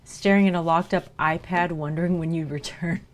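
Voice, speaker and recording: A woman on a casual livestream talks fairly quickly in a lowish, steady voice, eating as she chats with the people watching.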